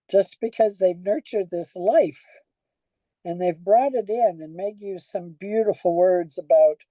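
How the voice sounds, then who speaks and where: Mellow-voiced older woman preaching a sermon. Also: fairly low pitch, dry recording, poor audio. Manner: conversational, storytelling, asks the congregation questions. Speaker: pastor.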